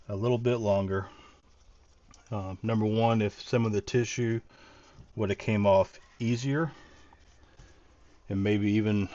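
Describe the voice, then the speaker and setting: A man's voice: fairly low pitch, darkish tone, highs cut off. A middle-aged man casually talking through a DIY project, thinking aloud and rambling with frequent restarts. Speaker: DIY vlogger.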